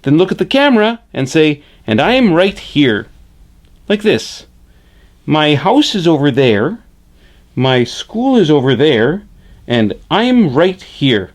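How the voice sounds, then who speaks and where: A man's voice: fairly high pitch, sing-song, pitched above the performer's own voice. A man voicing Frederick, a friendly male hand puppet who teaches puppetry basics on camera in a chipper way, often tagging "eh?". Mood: instructive. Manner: chipper, says "eh?" a lot, slow and deliberate.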